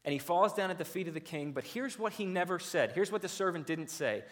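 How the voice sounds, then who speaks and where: A man preaching a sermon, retelling a parable in a lively, conversational storytelling way and often restarting his sentences. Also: sits high, a little fast.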